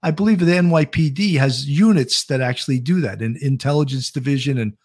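A man, a retired police officer, co-hosting a live online show and giving measured, steady commentary. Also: mid-range voice. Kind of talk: casual livestream commentary.

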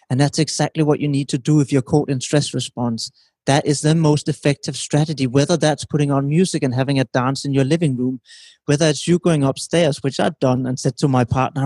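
A man giving a calm, teacherly explanation as a guest in an interview, often checking in with his listener. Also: fairly high pitch, breathy edge, no echo. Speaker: relationship expert guest.

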